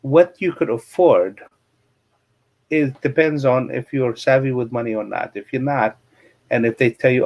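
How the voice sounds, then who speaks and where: A man's voice: medium pitch, a little slow, a little mellow. A middle-aged man, a real estate coach and interview guest, telling anecdotes and explaining money matters with plain examples.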